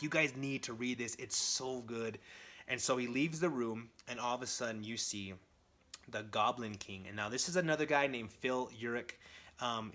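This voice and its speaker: Enthusiastic young comic fan. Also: male voice, medium pitch, sharp tone. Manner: enthusiastic, rambling with fillers. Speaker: comic book reviewer. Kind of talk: casual comic review vlog.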